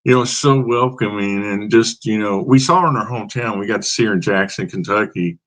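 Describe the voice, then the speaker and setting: A man's voice: on the low side, brisk, a bit bright. Easygoing male talk show host. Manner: easygoing, loose with "you know" fillers. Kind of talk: casual interview.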